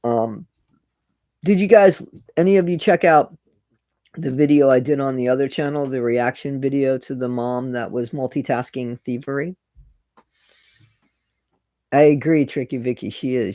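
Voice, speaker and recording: A man's voice: mid-range voice, dark tone, no echo. A middle-aged man chatting casually with viewers on a live stream, greeting them by name and repeating his phrases.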